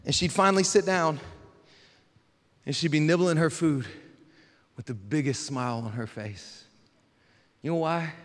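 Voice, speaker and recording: A male pastor giving a sermon in a casual, conversational preaching style, often asking the congregation rhetorical questions. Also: a little high. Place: church sanctuary. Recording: hall reverb from a live church service.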